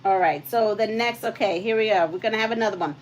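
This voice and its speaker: A woman's voice: medium pitch, fast, low-quality recording. A woman hosting a quilting channel, chatting casually, laughing often and reading out trivia questions. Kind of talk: casual chat while quilting.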